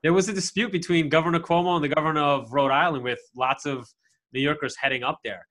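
A man's voice: fairly high pitch, steady tone, fast talker, a bit bright. A man hosting a podcast, chatty and upbeat, with frequent fillers and restarts. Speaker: podcast host. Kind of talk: casual podcast interview.

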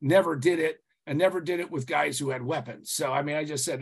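A man telling stories as a consultant guest on a podcast interview, rambling and animated, full of "you know" and restarts, swearing casually. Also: fairly high pitch, a little fast, gravelly, slightly rough.

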